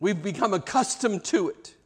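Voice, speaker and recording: A man preaching a sermon and telling a story, repeating words as he goes, dropping to hushed low passages and rising to loud shouted peaks. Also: expressive, normal speed, breathy edge, in a large hall. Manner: repeats words and restarts often.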